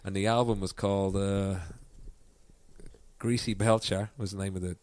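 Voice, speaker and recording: Irish man with a low voice telling a story. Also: little pitch movement, moderate pace, darkish tone. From Ireland. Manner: laughs often while telling stories. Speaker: guest musician. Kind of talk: casual storytelling chat.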